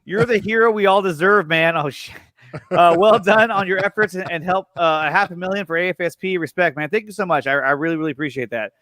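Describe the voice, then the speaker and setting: A young man with a high, bright, forceful voice hosts a casual livestream. He reads viewer messages aloud in an upbeat, chatty way, laughing often and restarting his sentences. The sound is close and dry, with no room behind it. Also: no room sound. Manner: quick laughs and frequent restarts. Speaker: host of a review and reaction show.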